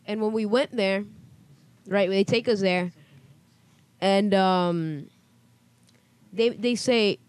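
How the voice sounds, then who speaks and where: A woman hosting a casual chat, asking quick follow-up questions and telling her own story. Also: medium pitch, a little mellow, clear, resonant tone, no room sound. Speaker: host.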